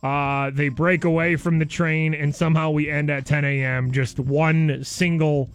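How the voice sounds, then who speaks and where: A man's voice: a little high, little pitch movement, measured pace. A man hosting a morning radio show, chatting loosely and jokingly with his co-host. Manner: loose, rambling, jokey. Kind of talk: casual radio banter.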